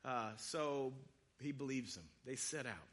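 A man giving a sermon, retelling scripture stories in a casual, conversational way with quick voiced asides. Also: mid-range voice, animated, a bit bright. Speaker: preacher.

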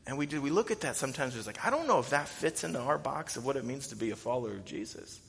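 A man preaching a sermon as pastor, animated and jumping into loud, high-pitched bursts when acting out quotes. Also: fast, creaky, in a large hall.

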